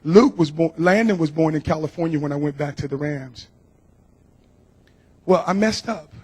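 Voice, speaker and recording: A man's voice: fairly high pitch, normal speed, darkish tone, husky. A middle-aged man from Georgia tells a personal testimony to a church congregation. He speaks earnestly and emotionally and often repeats his words. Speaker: guest speaker.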